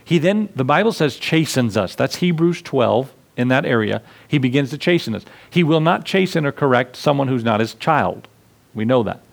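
A man's voice: mid-range voice, expressive, moderate pace, vocal fry. A man preaching a sermon to his congregation in a conversational way, acting out little scenes with asides. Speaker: pastor.

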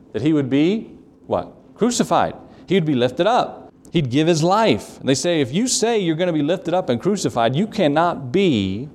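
A man's voice: medium pitch, darkish tone, a little hiss or hum. Emphatic male preacher repeating key phrases. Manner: emphatic, repeats key phrases, reads scripture in old English. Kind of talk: sermon. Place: church.

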